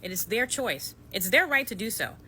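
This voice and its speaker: Woman with a bright, forceful voice, pointed and indignant commentary. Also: on the high side, animated, normal speed, a little hiss or hum. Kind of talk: social media commentary.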